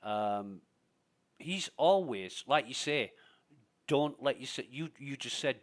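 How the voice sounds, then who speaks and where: A man's voice: medium pitch, animated, measured pace, pauses often, a bit bright. A man chatting while streaming a game, blunt and venting with heavy swearing. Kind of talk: casual gaming chat.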